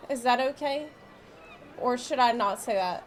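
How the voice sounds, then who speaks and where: A woman's voice: fairly high pitch, a little slow, a little hiss or hum. A woman streamer chatting casually with her viewers, rambling and often cutting herself off mid-sentence. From United States. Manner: chatty, rambling, self-interrupting.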